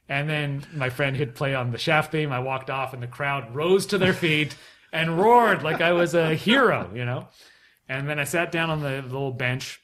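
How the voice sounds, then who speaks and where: A man's voice: fairly high pitch, normal speed. A man in his thirties from Canada, a podcast guest telling a long anecdote and acting out the people in it. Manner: animated storyteller who acts out quoted voices and laughs often.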